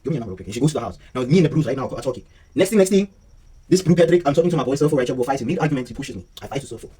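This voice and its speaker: A man's voice: medium pitch, very fast, husky, recorded from a distance. A man telling a story in a casual, slangy vlog monologue, acting out the lines of the people in it. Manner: slangy, animated retelling with acted-out dialogue.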